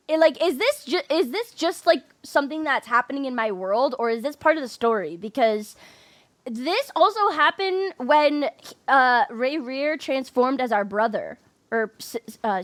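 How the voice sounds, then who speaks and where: Young woman game reactor, very high bright voice, swoops wildly, gushing and apologetic. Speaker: gaming video creator. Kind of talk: excited game reaction commentary.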